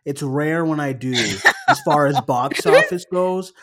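A man's voice: a little high, unhurried. Baffled, swearing casual man. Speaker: movie reviewer. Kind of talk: casual review chat.

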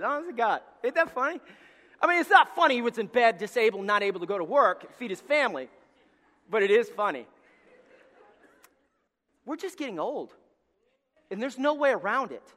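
Middle-aged pastor, storytelling sermon, high bright voice, long hall reverb. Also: male voice. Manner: storytelling preacher, swings from shouting to near-whispers.

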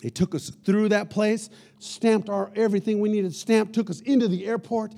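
A man preaching with a high, gravelly voice, full of grit and crackle. He tells stories with energy and punctuates them with bursts of praise. The delivery is that of a lively pastor in full sermon. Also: moderate pace. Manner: energetic storytelling preacher with shouted praise interjections.

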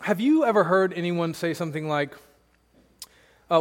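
A man's voice: high voice, animated, normal speed, big-room sound. A man pastor preaching a sermon, conversational and emphatic, with rhetorical questions to the congregation.

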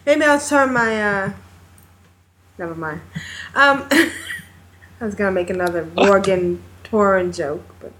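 A woman's voice: medium pitch, slow, pauses often, a bit bright. A woman hosting a casual gaming podcast, teasing her co-hosts and laughing often. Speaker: podcast host. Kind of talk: casual chat.

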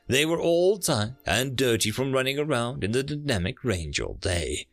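A man narrating an audiobook in an expressive reading style. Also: fairly low pitch, no echo. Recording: dry close mic with faint music.

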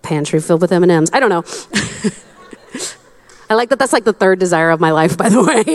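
A young adult woman preaching a sermon in a conversational, candid way, with quick asides. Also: mid-range voice. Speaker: pastor.

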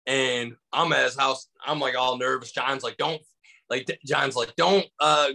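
Unhurried and creaky, the voice of this comedian guest from Michigan, USA, stays medium in pitch with fairly even intonation, bright and forceful. He rambles with lots of fillers and acts out quotes while telling stories over a video call in a casual interview. The recording is rough.

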